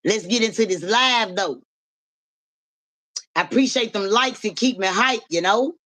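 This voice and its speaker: A woman's voice: medium pitch, unhurried, a bit bright. A woman hosting a live stream in casual talk, repeating rhythmic, profane hype chants to her viewers.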